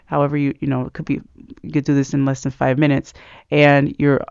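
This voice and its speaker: A man's voice: mid-range voice, monotone, fairly quick, creaky, a little mellow, smooth, dry recording. A man giving a casual, rambling devotional talk about reading scripture, earnest, with many fillers. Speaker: Christian speaker. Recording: dull lo-fi sound, dry.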